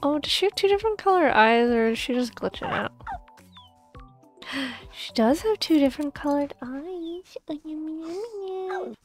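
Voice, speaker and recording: A young woman streaming a pet game, gushing and cooing over the animals and often dropping into soft whispers. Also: high-pitched, lively intonation, normal speed. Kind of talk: casual gaming stream chatter. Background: faint background music.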